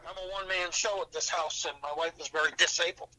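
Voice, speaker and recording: A man's voice: on the high side, fairly even intonation, fast, bright, forceful tone, low-quality recording. A man on a call, explaining at length in a rambling way. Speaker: family caregiver. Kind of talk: phone conversation.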